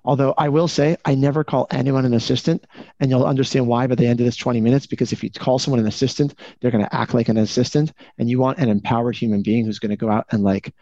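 Speaking quickly in a mellow, dark mid-range voice, a man coaches a real estate team over video, energetically peppering the group with questions. There's no room sound, and the call comes through dry and muffled.

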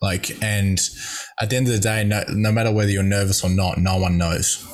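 A man's voice: fairly low pitch, flat delivery, brisk. Blunt Australian man telling stories. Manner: blunt, storytelling, frequent fillers and restarts. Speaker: guest athlete. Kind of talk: casual interview chat.

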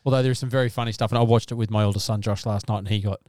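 A man's voice: on the low side, steady tone, very fast, darkish tone, dry recording, studio quality. A middle-aged man co-hosting a casual film chat, reflective in tone. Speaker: podcast co-host.

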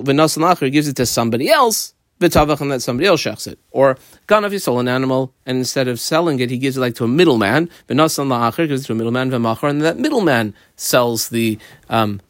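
A man giving a daily Talmud lesson, explaining the page casually with everyday examples and frequent pauses. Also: medium pitch, no room sound, clean studio sound. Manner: halting, with frequent ums and restarts. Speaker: Talmud teacher.

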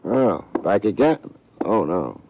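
A wry, low-voiced private eye. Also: male voice, very animated, takes it slowly, background noise, heavily acted. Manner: wry, dry wisecracks. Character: wry male private detective, hard-boiled. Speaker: narrator and detective. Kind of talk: 1950s radio drama acting. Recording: dull lo-fi old radio recording.

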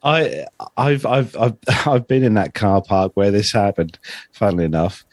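A man from England, with a fairly low voice, co-hosts a relaxed podcast. He hesitates a lot, restarts his sentences and fills gaps with "uh". The sound is dry and close. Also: unhurried, dry recording. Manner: hesitant, many restarts and fillers. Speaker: podcast co-host. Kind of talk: casual aviation podcast chat.

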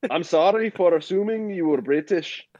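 A put-on Scottish brogue, over the top and comically formal, as a man hams it up. It sits noticeably higher than a normal speaking voice and is recorded dry and close. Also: normal speed, darkish tone, dry recording, lo-fi sound, close to an everyday voice. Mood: mock-formal. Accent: mock Scottish. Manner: exaggerated, comically formal apology. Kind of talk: comedic put-on voice in a podcast.

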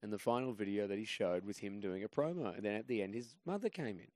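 Dry, low-voiced man telling rambling stories. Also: lively intonation, fast, a little mellow, no echo. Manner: rambling, self-deprecating anecdotes. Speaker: guest comedian. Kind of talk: casual podcast storytelling.

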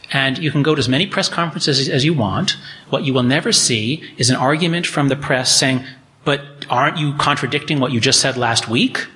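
A man's voice: medium pitch, sharp tone. A middle-aged man lecturing, reading from his own book and acting out quoted voices with animation.

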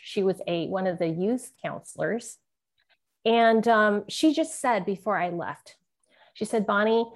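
A middle-aged woman, a guest, telling an emotional personal story in an earnest, tearful way. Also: mid-range voice.

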